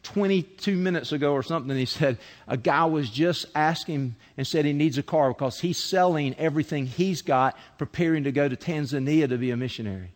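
Man, pastor, sermon storytelling, earnest, slightly high voice, long hall reverb. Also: fairly quick, hardly any pauses. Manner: earnest, repeats words when starting phrases.

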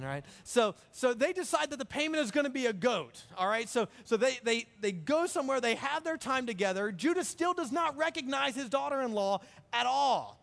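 A man's voice: very high voice, animated, moderate pace, creaky, a bit bright. A man preaching a sermon, retelling a Bible story with jokes and acted-out lines. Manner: jokey, acts out the characters' lines. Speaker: pastor. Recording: hall reverb.

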